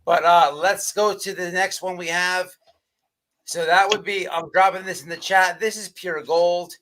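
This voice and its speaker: A man with a high, sharp-edged voice hosts a live stream commentary. He talks bluntly, swears freely and restarts his sentences as he goes. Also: steady tone, unhurried, a little hiss or hum. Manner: blunt, profane, stumbling restarts. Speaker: livestream host.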